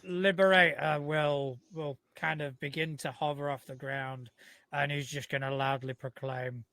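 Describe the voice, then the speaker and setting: A man playing a tabletop game, casual and direct, asking brisk questions. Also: on the high side, little pitch movement, bright, forceful tone, dry recording. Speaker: player.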